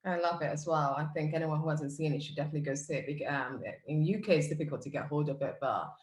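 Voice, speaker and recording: A woman from the UK with a notably low voice hosts the interview, her questions long, earnest and admiring, looping back on themselves. The sound carries a roomy echo around her. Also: quick pace. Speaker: interview host.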